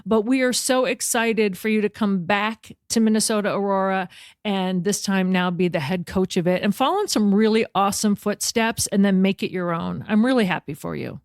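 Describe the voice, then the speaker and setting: A woman from the South Shore of Massachusetts hosting a podcast, chatting in a lively, animated way with lots of quoted asides. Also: medium pitch, normal speed, no room sound, studio quality. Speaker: podcast host. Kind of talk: casual interview chat.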